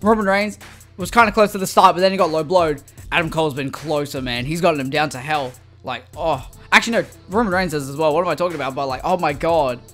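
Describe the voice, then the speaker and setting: A man giving casual, slangy commentary over a wrestling video game, swinging from low muttering to excited shouts. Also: quick pace, faint music behind. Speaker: gaming YouTuber.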